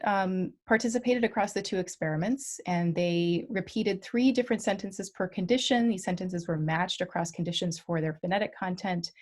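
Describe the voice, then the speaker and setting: Female lecturer, lowish voice, measured academic delivery full of ums, presenting slides over a video call. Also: darkish tone. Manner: careful, many ums and self-corrections. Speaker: guest lecturer. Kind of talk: academic conference talk.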